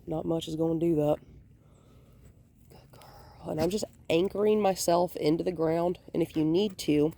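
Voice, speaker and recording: A woman dog trainer filming a walk outdoors on a hand-held phone, calmly explaining and softly praising the dog. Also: sits low, brisk, gravelly, few pauses. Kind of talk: hands-on training demonstration. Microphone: phone held in one hand.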